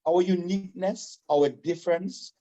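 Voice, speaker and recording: A man with a Vincentian accent, from Saint Vincent, chatting casually as a guest, animated, proud and fast-talking. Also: high voice. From Saint Vincent and the Grenadines. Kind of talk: casual chat.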